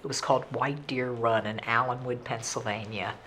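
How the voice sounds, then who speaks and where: A woman, animated and self-deprecating as she talks candidly about her past. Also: a bass voice, moderate pace, a little hiss or hum. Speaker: interviewee in recovery. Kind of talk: candid conversational storytelling.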